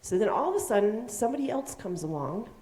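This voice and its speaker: A lady gives the kids' sermon from the church sanctuary, and the room's echo carries her mellow, mid-range voice as she moves along quickly. Her storytelling is lively, full of questions for the children and acted-out voices.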